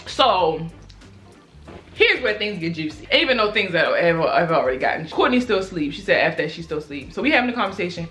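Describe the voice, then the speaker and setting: A young woman from Baltimore tells a personal story with animated, profane flair, and her pitch leaps around expressively. Her voice is bright and forceful, and faint music plays behind her. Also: a little fast. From Baltimore, USA. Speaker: YouTuber. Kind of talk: storytime vlog.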